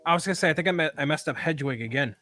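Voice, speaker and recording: Fast-talking, teasing co-host man. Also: fairly high pitch, sharp tone, dry recording, soft background music. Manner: brisk, teasing. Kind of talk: casual live-stream chat.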